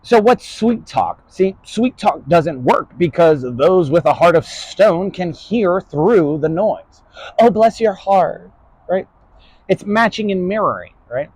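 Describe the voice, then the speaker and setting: A man's voice: sits high, lively intonation, a little slow, few pauses, darkish tone, husky. A man from New York giving a casual, blunt lecture to his online class, swearing freely and ending nearly every point with "right?". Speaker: online philosophy class host.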